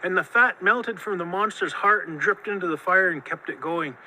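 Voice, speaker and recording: A man tells a traditional tale in a lively, expressive voice that slows down for key moments. His voice is raised and very bright, with a sharp edge. Faint noise runs underneath. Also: high voice, poor audio. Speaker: storyteller. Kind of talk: oral storytelling of a traditional tale.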